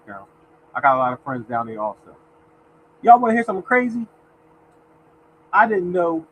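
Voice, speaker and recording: A man hosts a casual live lottery stream, his voice sitting somewhat high for a man. He chats loosely with viewers, calls them by name and reads number after number aloud. A faint hum sits behind him. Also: rough recording. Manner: mutters softly to himself while searching. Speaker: lottery show host.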